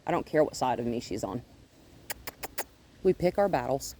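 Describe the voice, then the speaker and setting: A woman training a dog, explaining her method in a gentle, coaching way while coaxing the dog along. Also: rumbling low, expressive, normal speed, a little hiss or hum, rough recording. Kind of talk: casual training narration. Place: outdoors with a dog.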